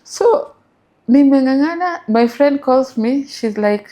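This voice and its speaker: A woman's voice: high-pitched, animated, takes it slowly, mellow. A middle-aged woman with a Kenyan accent, telling her story as an interview guest and mixing English with Swahili.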